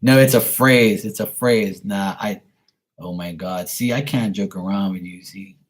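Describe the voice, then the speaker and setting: A man's voice: low voice, breathy edge. A man hosting a casual live stream and chatting with viewers, speaking bluntly with plenty of profanity and a rambling flow.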